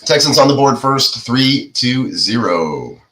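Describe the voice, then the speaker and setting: Bright-voiced male podcast host. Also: medium pitch, big pitch swings, slow, slight background noise, rough recording. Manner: laid-back, filler-heavy play-by-play. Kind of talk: casual live game commentary.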